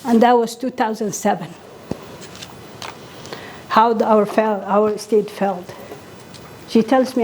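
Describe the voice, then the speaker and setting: A woman's voice: a little high, steady tone, slow pace, long pauses, a little mellow, slight background noise. A middle-aged woman physician from Somalia, giving an impassioned conference talk and repeating key points for weight.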